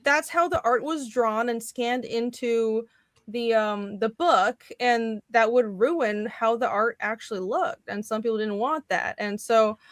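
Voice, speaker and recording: A woman's voice: on the high side, measured pace, no echo. A woman co-hosting a comics livestream, chatting casually in a rambling way that trails off and restarts. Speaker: co-host and comic artist.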